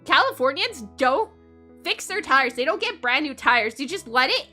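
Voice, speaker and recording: A woman's voice: high-pitched, very animated, moderate pace, bright, forceful tone, soft background music. A young woman streaming live, chatting casually with her chat and giggling often between sentences.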